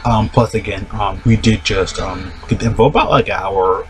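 A man who has just woken up, talking in a low, groggy morning voice and rambling casually about a mobile game, repeating the same filler words over and over. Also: fairly even intonation, moderate pace. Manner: rambling, repeats "of course" and "though" constantly. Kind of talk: casual rambling video talk. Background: background music.

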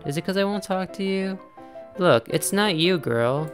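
A man giving casual let's-play commentary, chatty and quick to laugh, talking straight to the game's characters. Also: high voice, animated, soft background music. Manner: chatty, laughs often, talks to game characters. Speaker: gaming YouTuber.

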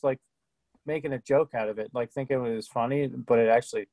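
A man's voice: medium pitch, steady tone, a little fast, warm tone, dry recording. A middle-aged man, a guest musician on a video call, telling stories in a laid-back way with frequent restarts. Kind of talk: casual interview chat.

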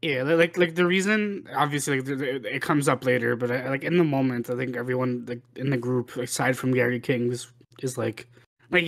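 A man co-hosting a movie podcast, talking loosely and circling back on himself. His pitch sits in a middle register, neither high nor low. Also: steady tone, brisk, creaky. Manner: rambling, many restarts and "like". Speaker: podcast co-host. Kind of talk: casual film review chat.

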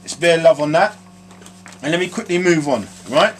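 A man with a London accent hosting a comic advice show, answering viewer letters in slangy, animated streetwise patter. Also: a little high, moderate pace. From South London. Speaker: host answering viewer questions.

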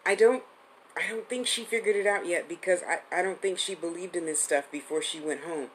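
A woman's voice: lowish voice, brisk, a little hiss or hum, rough recording. A woman in her fifties giving a live-streamed psychic reading, chatty and affectionate, rambling with restarts. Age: 50s. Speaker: psychic medium host.

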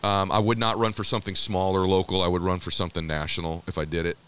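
A man's voice: low-pitched, level tone, fast, a bit bright, clear, resonant tone. A man talking as an interview guest, telling stories in an emphatic, earnest way. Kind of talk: casual conversation.

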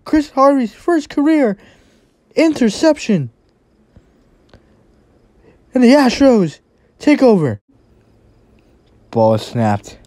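A play-by-play commentator calling a game at an unhurried pace. The pitch swings widely, from steady, low calls on each snap up to excited shouts on the big plays. The sound is dry and close, with no room echo.

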